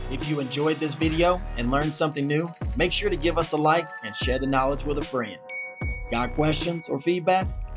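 A man narrating a scripted software tutorial in an upbeat, polished promotional manner. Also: fairly high pitch.

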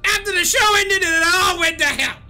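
A woman voicing a grumpy middle-aged male cartoon mad scientist, shouting and ranting over gameplay. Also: very high-pitched, normal speed, soft background music, heavily acted. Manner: shouty, ranting, self-pitying. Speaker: gaming streamer. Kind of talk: gameplay commentary in character.

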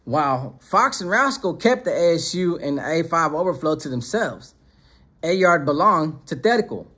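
A husky man with a slightly raised voice tells a gritty story in a casual, streetwise way. His talk is loose and full of slang, and he drops into quoted voices as he goes. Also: on the high side, sing-song, moderate pace, bright, forceful tone. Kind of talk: casual prison story narration.

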